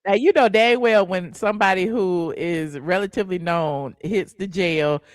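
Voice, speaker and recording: A woman hosting a live show, giving lively, teasing commentary on a guest's story. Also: lowish voice, normal speed. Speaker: host.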